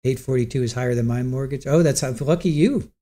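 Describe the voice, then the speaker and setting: A man's voice: mid-range voice, quick pace, dark tone. A man from Ohio hosting a casual livestream, chatting and reading out viewer comments. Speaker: livestream host. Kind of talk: casual live-stream chat.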